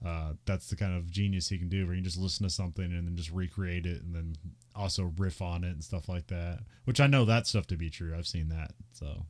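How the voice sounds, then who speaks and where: A man's voice: deep voice, fairly even intonation, a little fast, a little mellow. A man co-hosting a podcast, recapping a movie in loose casual chat and laughing often. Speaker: podcast co-host. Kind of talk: casual film discussion.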